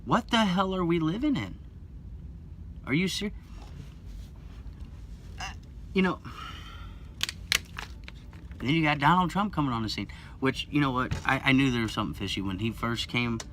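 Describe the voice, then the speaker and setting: A man's voice: mid-range voice, lively intonation, normal speed, pauses often, a bit bright, a little hiss or hum. A man hosting his own online channel, delivering an agitated, rambling monologue with many restarts and repetitions. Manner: agitated, rambling, repeats himself. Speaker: YouTube channel host. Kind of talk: impassioned conspiracy monologue.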